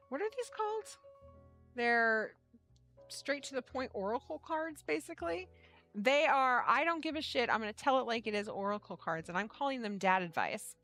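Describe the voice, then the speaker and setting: A woman with a rather high, sharp voice hosts a casual live stream. She's a yarn shop owner, chatty, laughing often and swearing casually.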